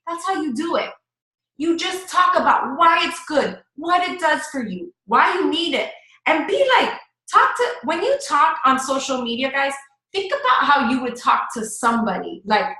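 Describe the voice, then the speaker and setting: A woman talks her team through a casual live-stream coaching session, chatty and enthusiastic. Her voice sits high and sounds bright and sharp. The room around her is echoey. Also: animated, normal speed. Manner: chatty, enthusiastic, talks straight to viewers as "guys".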